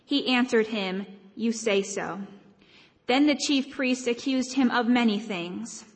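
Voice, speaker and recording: A woman with a somewhat high voice reads scripture in a calm, clear, unhurried way. The reading rings out into a large church with a long reverb. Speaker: scripture reader. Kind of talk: liturgical Gospel reading.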